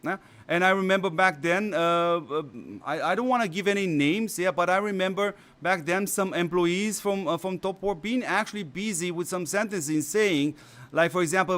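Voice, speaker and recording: A man's voice: sits high, animated, normal speed, a bit bright. A male mobile strategy game streamer who is losing his voice, rambling with many fillers and restarts. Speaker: gaming channel host. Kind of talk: casual stream commentary.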